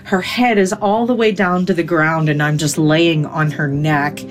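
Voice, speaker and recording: A woman's voice: sits low, steady tone, measured pace. A middle-aged woman telling a vivid, emotional personal story in an interview.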